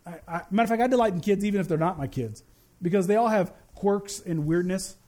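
High-voiced fervent male pastor. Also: warm tone. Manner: fervent preaching with emphatic slowdowns. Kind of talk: sermon.

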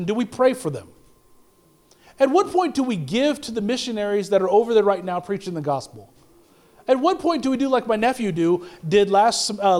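A pastor preaches passionately, moving between loud declarations and low, quiet lines. He often stumbles and starts over.

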